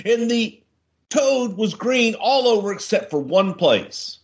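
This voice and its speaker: A man with a fairly high, bouncing voice that swings all over as he chats. He spins a long silly joke, slipping into different voices for each character. His delivery is playful and loose, like a seasoned storyteller among friends. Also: very animated, a little slow. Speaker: co-host. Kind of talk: casual podcast chat and joke-telling.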